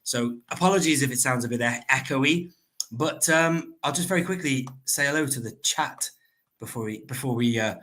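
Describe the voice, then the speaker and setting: A man hosting a livestream, chatty and rambling, quick to break into a laugh. His voice sits at an ordinary middle pitch, picked up by a laptop microphone rather than a proper mic. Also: fairly bright tone. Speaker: livestream host. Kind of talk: casual livestream chat.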